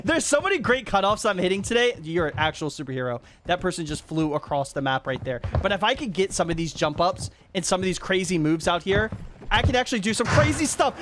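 A young man hosting a hide and seek match while playing, giving animated commentary that jumps up into excited yelps. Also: high-pitched, quick pace, slight background noise.

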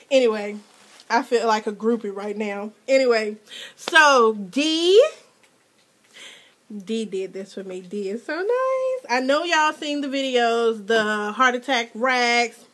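Excitable woman vlogger at home, a little high-pitched, unhurried, gushes and squeals over gifts. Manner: gushing, excitable, jumps to squeals when thrilled. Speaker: mother and hobby vlogger. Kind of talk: casual unboxing vlog. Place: home with children nearby.

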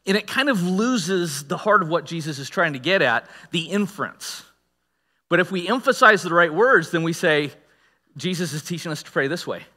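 A man preaches a sermon in a church auditorium, his voice bright and a touch high. He talks in a relaxed, conversational way but leans hard on key words and drops asides to the room. A long reverb from the hall trails behind him. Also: brisk. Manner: conversational, animated preaching with emphatic stresses and asides. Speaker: pastor.

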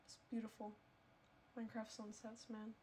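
A woman's voice: on the high side, monotone, normal speed, warm tone, a little hiss or hum. A woman streaming a video game, chatting casually to her viewers in a rambling way with lots of filler words. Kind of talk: casual gameplay streaming chat.

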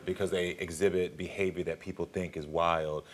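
A man hosting a daytime talk show, asking probing but gentle questions. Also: deep voice, little pitch movement, normal speed, a little hiss or hum.

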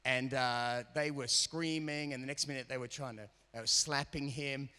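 A man's voice: medium pitch, moderate pace, clean tone. A man preaching a sermon, telling a story and acting out the voices of the people in it. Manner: animated, acts out quoted voices. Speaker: pastor. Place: church auditorium. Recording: reverberant church hall.

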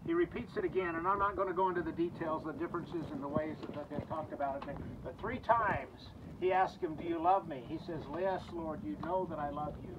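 A man's voice: fairly high pitch, a little fast, hardly any pauses, lo-fi sound. Folksy man preaching outdoors at a graveside. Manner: folksy storytelling, voices the characters' lines. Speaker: pastor at a graveside service. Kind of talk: graveside sermon retelling scripture. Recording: distant outdoor mic with clear background noise.

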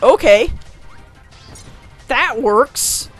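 A let's play commentator giving casual, rambling gameplay talk, excitable and quick to whine or shriek at setbacks. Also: sits high, breathy edge, faint music behind.

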